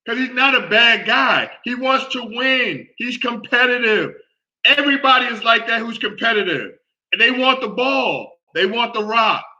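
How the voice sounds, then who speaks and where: A man hosting a casual sports talk show, with a high, very bright voice. He talks in an animated way, repeats himself and keeps checking in with the listener. The recording sounds dull and lo-fi. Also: normal speed.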